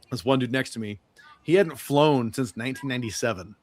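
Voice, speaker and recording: Here a mid-range male voice moves at a quick pace through a sweary, rambling travel yarn. He's a podcast guest or co-host who acts out the people from his trip with quoted exchanges.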